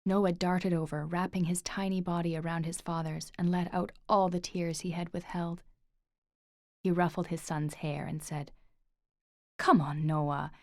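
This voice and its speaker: Low-voiced woman narrating an audiobook. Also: little pitch movement, moderate pace, darkish tone, no echo, studio quality. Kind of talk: scripted narration.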